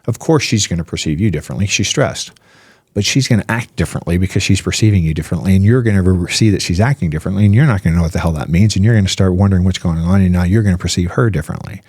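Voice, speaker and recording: A low-pitched man talks through ideas in a relaxed podcast chat, firing off rhetorical questions and checking in with "right?" as he goes. His voice is recorded close and dry, with no room sound around it. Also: very fast, husky, no room sound. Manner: animated, piles up rhetorical questions and "right?" tags. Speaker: physician guest. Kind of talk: casual podcast explanation.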